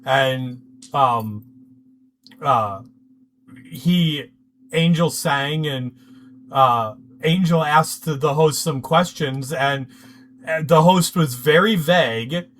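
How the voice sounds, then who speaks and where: A man's voice: fairly high pitch, extremely slow, a bit bright, slight background noise. A man co-hosting a podcast in a casual chat, laughing easily and retelling scenes by quoting the characters. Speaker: podcast co-host.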